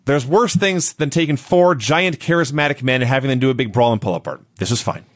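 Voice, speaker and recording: Fast, dry-voiced man recapping. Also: medium pitch, dry recording. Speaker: podcast co-host. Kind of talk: casual recap of a wrestling show. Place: home, over Skype.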